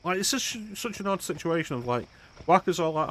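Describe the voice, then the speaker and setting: A man's voice: a little high, animated, fast talker. A man streaming a video game, making sarcastic, crude jokes in casual commentary.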